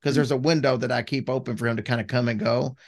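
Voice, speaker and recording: A man's voice: mid-range voice, fairly even intonation, fast, vocal fry, background noise. A man co-hosting a podcast in an easygoing, rambling casual chat. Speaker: podcast co-host.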